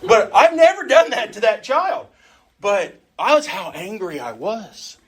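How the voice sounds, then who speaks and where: Husky middle-aged man teaching class. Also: high voice, big pitch swings, unhurried, a bit bright. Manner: conversational, keeps asking the class questions. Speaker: Sunday school teacher. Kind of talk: teaching an adult church class.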